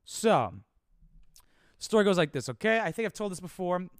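Animated, crude young man telling stories. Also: high voice, moderate pace, dry recording, studio quality. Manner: animated, crude, swears freely. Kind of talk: casual profane storytelling.

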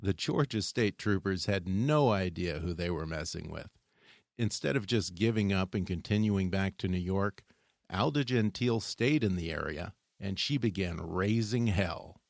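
A man hosting a podcast, reading scripted narration in a measured, dramatic way. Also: deep voice, lively intonation, vocal fry, dry recording, studio quality.

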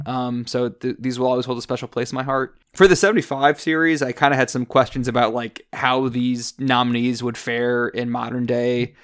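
A man in the host's chair of a film podcast, talking casually and quickly. His voice sits at an ordinary middle pitch, and he keeps things lively with asides. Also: clean tone. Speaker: podcast host.

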